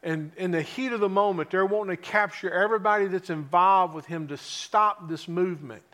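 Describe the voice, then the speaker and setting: A preacher with a notably high voice delivers a sermon. He keeps asking the congregation questions and lets his voice fall to a hush before rising again on the key points. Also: fairly quick. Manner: dramatic swings from loud to hushed, rhetorical questions.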